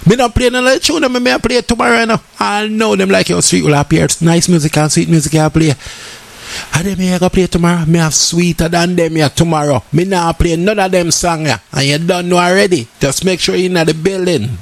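A boastful middle-aged Jamaican DJ hyping up his next party with a gravelly edge on a slightly raised voice. He chants his lines and drifts into snatches of singing as he brags. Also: on the high side, steady tone, fairly quick. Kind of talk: party promo talk.

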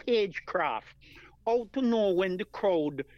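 High-voiced Jamaican man telling a heartfelt story. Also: expressive, slow pace, dry recording, muffled recording, soft background music. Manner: earnest, repeats phrases, calls the listener "man of God". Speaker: guest performer.

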